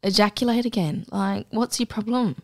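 A woman's voice: mid-range voice, normal speed, a little mellow, dry recording. Brash woman, crude jokes. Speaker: podcast co-host. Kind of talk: casual chat. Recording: dry close sound.

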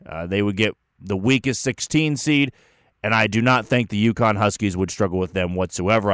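A man's voice: mid-range voice, clear, resonant tone, no echo, studio quality. A man hosting a solo sports show, breaking down a tournament bracket in an opinionated, chatty way. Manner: opinionated, chatty, restarts and fillers. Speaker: sports podcast host.

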